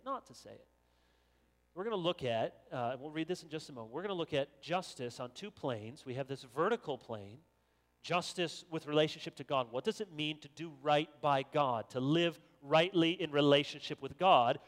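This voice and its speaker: A man with a fairly high voice preaching from the pulpit, his words ringing out in a long hall reverb. He speaks in a measured way and slows down to lean on key phrases. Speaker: pastor. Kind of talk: sermon.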